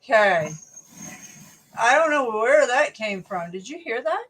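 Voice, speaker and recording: Excitable woman with a husky voice. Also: a little high, unhurried, distant mic. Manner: excitable, incredulous, talks to viewers. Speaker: reaction video host. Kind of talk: reaction commentary.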